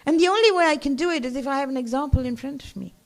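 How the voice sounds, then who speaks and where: A woman's voice: high-pitched, racing. A woman giving a religious lecture to a gathering, in a conversational way that keeps checking in with her listeners.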